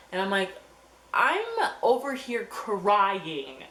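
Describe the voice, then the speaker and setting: A young woman telling a story on her vlog in a scattered, animated way, filled with fillers and acted-out quotes. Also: medium pitch, unhurried. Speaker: vlogger. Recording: echoey room with faint hum.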